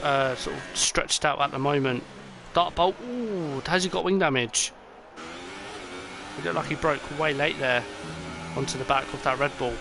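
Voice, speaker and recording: Tired man calling a sim race. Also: mid-range voice. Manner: excitable, rambling, many fillers. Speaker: race commentator. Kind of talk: esports race commentary. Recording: noisy, with game car sounds behind.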